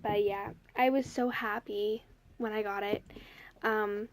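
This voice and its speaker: A woman's voice: mid-range voice, steady tone, slow, slight background noise. A young woman casually telling a personal story to the camera, chatty and rambling, full of "like" and "you know". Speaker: vlogger.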